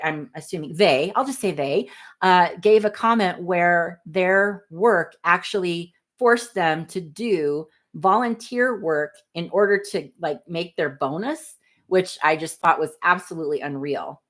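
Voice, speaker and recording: Chatty woman reading live comments. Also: fairly low pitch. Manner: chatty, apologetic, quick asides, laughs easily. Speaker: livestream host. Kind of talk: casual livestream chat reading comments.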